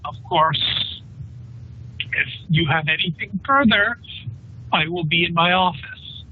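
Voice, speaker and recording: A man's voice: high voice, slow, breathy edge, full character voice. A man voicing a nervous, fawning male hive governor who stammers and pleads, over a tinny voice-chat line. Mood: subdued.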